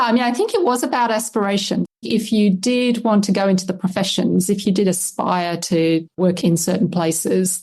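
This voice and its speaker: A woman's voice: fairly low pitch, a little mellow. A middle-aged Australian woman, a historian, answering interview questions thoughtfully with many "I mean" asides. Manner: thoughtful, with frequent "I mean" and light laughs. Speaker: historian and lexicographer guest.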